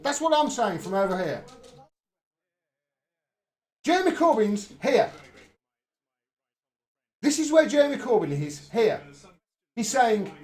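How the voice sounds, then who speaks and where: Man commentator, heated and sweary live rant, very expressive intonation. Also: very high voice, unhurried, long pauses. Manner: angry, profane, emphatic ranting. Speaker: political livestream commentator.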